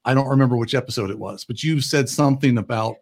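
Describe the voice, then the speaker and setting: A man's voice: medium pitch, quick pace, creaky. Wry, self-deprecating man chatting. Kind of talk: casual podcast chat.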